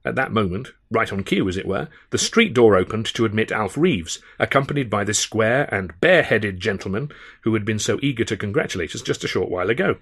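A man's voice: lowish voice, animated, fairly quick, a bit bright, breathy edge. A man reading his own novel aloud in a wry, understated storytelling manner. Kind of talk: audiobook narration.

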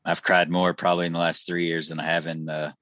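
A man in casual podcast chat, earnest and relaxed, laughing often. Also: low-pitched, fast talker, no room sound.

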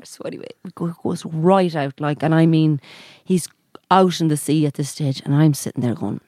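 A woman's voice: sits low, moderate pace, dark tone, no echo, studio quality. A woman with an Irish accent telling a rambling story in casual chat, full of "like" and "so anyway".

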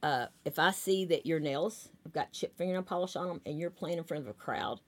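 A woman with a drawl tells loose, rambling stories as a guest in a casual interview. Her voice sits low for a woman, and she leans on plenty of fillers as she goes. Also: brisk. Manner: chatty, rambling anecdotes with many fillers. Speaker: talent agent, guest.

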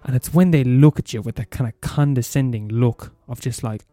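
An Irish man with a Limerick accent rants in a mid-pitched voice, swearing freely and tripping over his own restarts. The recording is dry and close, with faint music underneath. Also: normal speed, warm tone, no echo. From Limerick, Ireland. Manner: profane, exasperated, full of restarts and repetitions. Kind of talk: comedic rant monologue.

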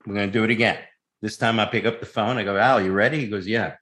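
Man telling a lively acting story. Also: fairly low pitch, rapid-fire. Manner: animated storyteller, acts out voices. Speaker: actor guest. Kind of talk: casual anecdote.

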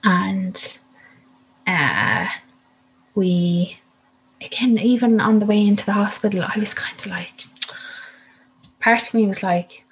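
Young woman, breathy and husky, telling her own story and performing every line of dialogue. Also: mid-range voice, lively intonation, takes it slowly, long pauses, low-quality recording. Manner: vivid, acts out the voices in her story. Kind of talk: personal storytelling.

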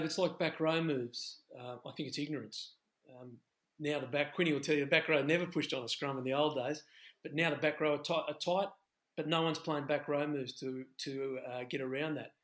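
A middle-aged Australian man, a former rugby head coach, talking in a halting, reflective way on a podcast. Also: a little high, fairly bright tone. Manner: halting, many restarts, reflective. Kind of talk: podcast discussion.

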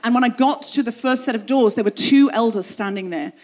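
A woman's voice: on the high side, brisk, a little mellow. A woman hosting a live show, telling a comic personal story with self-mocking asides. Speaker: podcast host. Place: open-air theatre stage.

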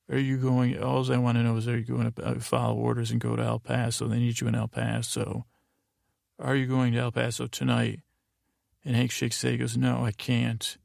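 Man, podcast host, gravelly, monotone, rambling recap, dry close sound. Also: medium pitch, dry recording. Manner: rambling, plain voice with many fillers, flatly quoting each character. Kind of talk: sleepy, meandering episode recap.

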